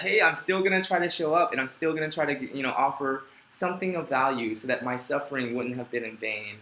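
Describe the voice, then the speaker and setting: A middle-aged man chatting on a late-night livestream, heartfelt and a little rambling, breaking up the sincerity with self-mocking jokes. His voice is bright and forward, and it bounces around a roomy space over a faint hiss. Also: mid-range voice, fairly quick. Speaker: host of a live Q&A stream. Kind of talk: casual live-stream chat, reading viewer comments. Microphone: desk microphone.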